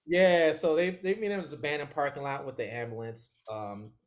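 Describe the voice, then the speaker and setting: A man with a slightly raised voice tells a story as an interview guest. He keeps it loose and animated, laughs often, and slips into quick voices for other people's lines. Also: a little high. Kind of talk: casual storytelling.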